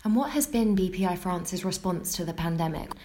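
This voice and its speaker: A woman reporter interviewing a guest and asking clear, prepared questions. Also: on the low side, expressive, fairly quick, dark tone, a little hiss or hum.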